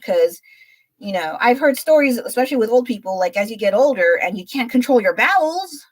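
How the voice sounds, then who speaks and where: A woman's voice: medium pitch, lively intonation, brisk, dry recording, rough recording. A woman chatting casually on her art livestream while painting, a little under the weather, rambling with sighs and laughs.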